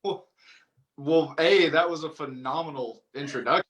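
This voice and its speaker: A man's voice: on the high side, normal speed, fairly bright tone. A man from Texas, an author guest on a live stream, bantering with self-deprecating jokes. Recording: roomy echo.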